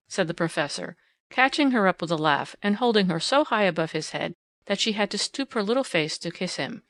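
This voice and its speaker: A woman's voice: fairly low pitch, animated, brisk, a bit bright, dry recording. Woman reading an audiobook, dry close sound. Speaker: audiobook narrator. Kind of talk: audiobook narration in first person.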